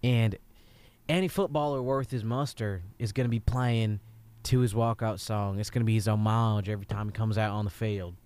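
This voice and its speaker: A man's voice: on the low side, fairly even intonation, racing, hardly any pauses, smooth, natural voice. A man playing a brash football head coach in an improvised comedy sketch, giving a rambling pep talk with a slipping Southern drawl. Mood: blustering.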